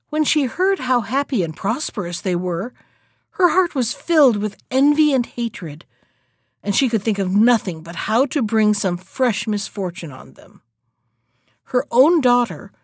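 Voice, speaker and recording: A woman reads a fairy tale aloud in a steady, even manner. Her voice sits a little high, and the recording is close and dry with no room sound. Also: no echo. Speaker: narrator. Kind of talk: storybook narration.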